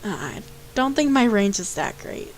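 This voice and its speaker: Brief: woman reading an anxious young man, soft-spoken and unsure, mid pitch. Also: very animated, normal speed, soft background music, close to an everyday voice.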